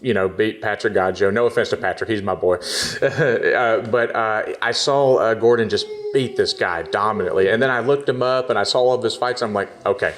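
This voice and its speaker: A man's voice: on the low side, a little fast. A man with a Texan country accent, a podcast guest talking trash in casual chat and laughing often. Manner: brash trash-talking, laughs often, polite "yes, sir".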